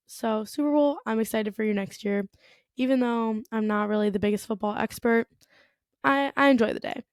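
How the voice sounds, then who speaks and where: A young woman from the United States chats through a solo podcast episode, her voice sitting a little high. She rambles in an easygoing way, dropping "like" and "you know" often, recorded close and dry with no room sound. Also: no echo. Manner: chatty, lots of "like" and "you know". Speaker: podcast host. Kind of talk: casual solo podcast monologue.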